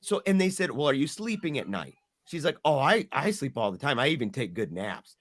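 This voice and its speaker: Middle-aged man, guest storyteller, animated, does the voices, dry room. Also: medium pitch, fairly quick, no echo. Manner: animated, acts out quoted voices. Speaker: podcast guest. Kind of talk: emotional storytelling.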